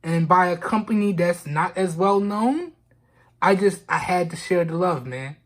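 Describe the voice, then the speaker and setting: A man with a high, expressive voice speaks a little slowly as he unboxes products for his vlog. He keeps it casual but is clearly holding back tears, repeating himself and dropping "man" and "y'all" often.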